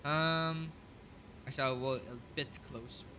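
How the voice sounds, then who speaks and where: A flight sim streamer talks casually through a simulated airliner flight, calling out checklist items and thinking aloud with plenty of fillers. His voice is fairly high and steady, with a bright, forceful tone at a moderate pace. There's slight background noise.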